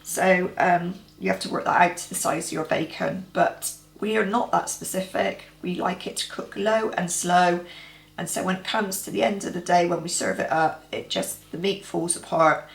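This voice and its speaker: A woman's voice: fairly low pitch, fairly even intonation, moderate pace, gravelly, echoey room, poor audio. A woman host giving chatty, practical step-by-step cooking instructions in her home kitchen. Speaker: cooking vlogger. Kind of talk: casual cooking demonstration.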